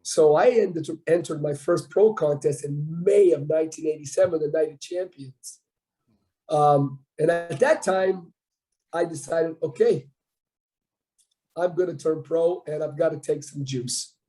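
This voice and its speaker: A Canadian man in his fifties, a guest on a casual talk show, telling a story with lively quoted dialogue. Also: on the high side, measured pace, poor audio. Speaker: podcast guest, bodybuilder.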